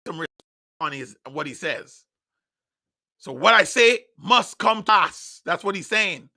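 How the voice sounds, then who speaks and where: A man whose first tongue is Patois preaches in a high, bright, gravelly voice. He is emphatic and insistent, and now and then rises to loud declarations. The delivery has a sharp, piercing edge. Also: animated, unhurried. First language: Jamaican Patois. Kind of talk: online sermon broadcast.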